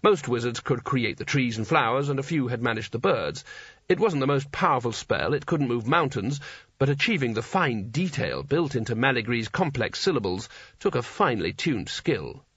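A man giving a scripted story narration in a dry, wry, measured way. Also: mid-range voice, big pitch swings, fairly bright tone, husky, no echo. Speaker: audiobook narrator. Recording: dull lo-fi dry recording.

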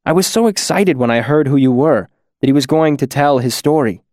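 A man voicing an emotional, devoted young male apprentice who is not human, speaking in a choked, pleading, soft way. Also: medium pitch, a little fast, dry recording, clean studio sound, voice pushed up, close to an everyday voice. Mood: earnest.

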